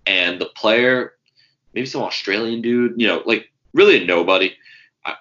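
A man's voice: lowish voice, moderate pace, pushed and bright. A man, co-hosting a casual sports podcast and telling rambling stories with fillers and swearing. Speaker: podcast co-host. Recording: dull lo-fi sound.

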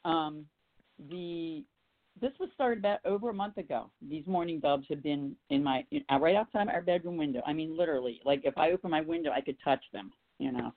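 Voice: medium pitch, a little fast. Caller, chatty, telling a story, phone-line audio. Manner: chatty, self-deprecating. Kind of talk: casual phone chat.

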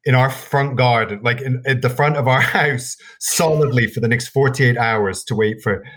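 A man's voice: mid-range voice, moderate pace. A man with a Scottish accent co-hosting a podcast in casual chat, swearing freely and acting out what others said. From Scotland. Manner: animated, swearing, acts out quotes. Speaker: podcast co-host.

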